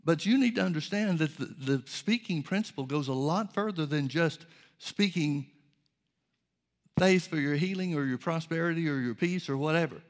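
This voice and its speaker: A man preaching a sermon in a measured way, reading scripture aloud and explaining it. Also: fairly high pitch.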